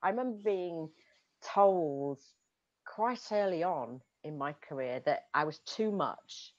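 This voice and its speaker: Slow and animated, a deep-voiced woman talks casually on a video call, where she is an executive coach and host. She laughs frequently, brims with enthusiasm, and often breaks off to restart a phrase. The recording is lo-fi and muffled.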